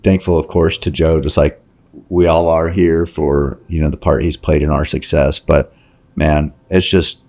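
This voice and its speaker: A middle-aged man hosting a podcast, talking in a halting, rambling way full of fillers. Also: rumbling low, level tone, warm tone. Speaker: podcast host. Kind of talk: casual podcast chat.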